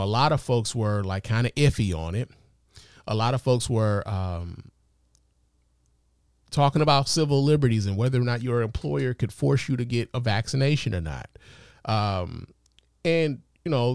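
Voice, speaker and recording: A man's voice: on the low side, darkish tone, clear, resonant tone, dry recording, clean studio sound. A man hosting a podcast, talking through sports commentary in a loose, profane, conversational way with lots of fillers. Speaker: podcast host. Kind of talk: casual commentary monologue.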